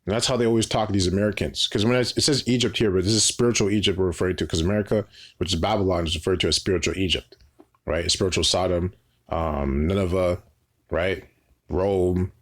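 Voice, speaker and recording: A man's voice: deep voice, fairly even intonation, brisk. A man reading Bible verses aloud and explaining them informally, often adding "right?" and restarting his phrases. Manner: repeats "right?" as a tag, frequent restarts. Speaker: Bible teacher. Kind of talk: informal scripture teaching.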